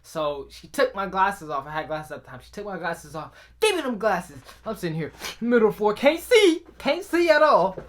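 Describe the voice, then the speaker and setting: Animated young man telling a storytime. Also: sits high, fairly quick, hardly any pauses. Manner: animated, talks straight to viewers. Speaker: vlogger. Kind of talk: casual storytime.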